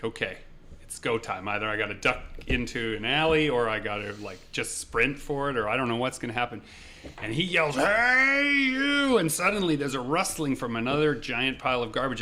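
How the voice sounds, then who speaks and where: Guy on a podcast spinning a story, bright voice, a bit of hiss. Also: mid-range voice. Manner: animated, acts out shouted lines. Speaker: podcast co-host. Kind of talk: casual storytelling.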